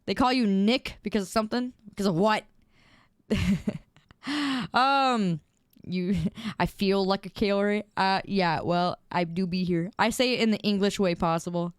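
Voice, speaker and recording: A woman's voice: mid-range voice, clean tone, no room sound, clean studio sound. A young woman streamer in casual chat, reading viewer messages aloud and giggling often.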